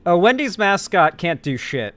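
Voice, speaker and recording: A man streaming casually, joking and reading his chat aloud in an animated way. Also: high-pitched, moderate pace, dry recording, faint music behind. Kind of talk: casual live-stream commentary.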